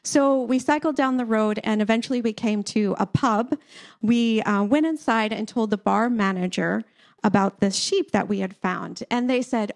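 A woman pastor giving a sermon, telling a personal story in a relaxed, conversational way with occasional light laughter. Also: mid-range voice, moderate pace, gravelly.

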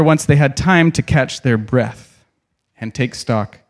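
Reading from a novel, this male storyteller gives the text a dramatic, expressive treatment, stopping now and then to insert remarks of his own. His voice is medium in pitch.

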